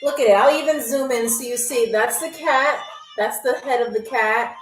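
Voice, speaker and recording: A woman's voice: on the high side, normal speed, faint music behind. A woman hosting a live-stream game show, chatting with viewers in a playful, teasing, sarcastic way. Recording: echoey room.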